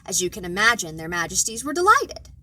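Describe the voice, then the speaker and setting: A woman librarian reading a children's picture book aloud, expressive and playful. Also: mid-range voice, a little fast, low-quality recording. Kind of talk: children's storytime read-aloud.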